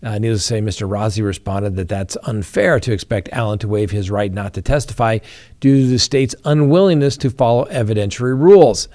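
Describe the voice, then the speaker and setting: A crime news show host explains courtroom rules and reads out trial testimony, addressing viewers directly as he offers legal commentary. His voice is fairly low, brisk and mellow.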